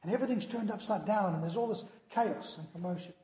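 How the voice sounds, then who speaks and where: High-voiced male preacher in echoey hall. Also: fast. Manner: preaching with rising emphasis and quiet dramatic drops. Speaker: pastor. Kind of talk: sermon.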